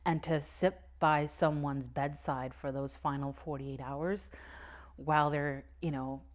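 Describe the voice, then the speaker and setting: Young woman, low voice, podcast co-host, candid and sweary, tells a personal story with nervous laughs. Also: steady tone, unhurried. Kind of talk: casual conversation.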